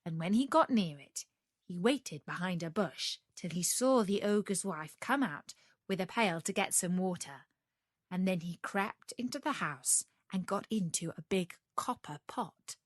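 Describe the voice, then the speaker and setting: Woman storyteller, fairy tale read-aloud, very slow, dry close sound. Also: fairly low pitch, lively intonation, no echo. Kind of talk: storybook narration for English learners.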